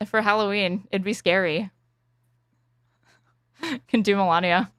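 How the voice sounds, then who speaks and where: A woman's voice: medium pitch, unhurried, fairly bright tone, clean tone, no echo, studio quality. A woman co-hosting a casual chat, blunt and laughing often, swearing freely. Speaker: co-host.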